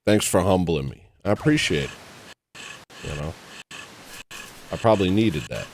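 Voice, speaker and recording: Rambling, self-mocking man, low voice. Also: lively intonation, measured pace, pauses often, a little hiss or hum. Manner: rambling, self-deprecating storytelling. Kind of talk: casual chat while gaming.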